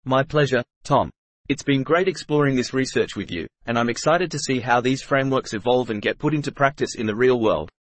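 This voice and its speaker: A man's voice: mid-range voice, fairly quick, dry recording. A man co-hosting a scripted podcast discussion with an upbeat, polished delivery. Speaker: podcast co-host.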